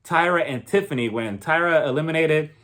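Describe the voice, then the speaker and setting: A man giving a casual, gossipy recap of a reality show, opinionated and animated, often breaking into laughs. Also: fairly high pitch, fairly quick.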